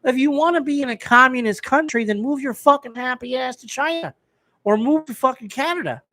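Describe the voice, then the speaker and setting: A man's voice: extremely high pitch, a little fast, pushed and bright, dry recording. A man hosting a live stream, ranting in a heated way and swearing freely. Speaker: host.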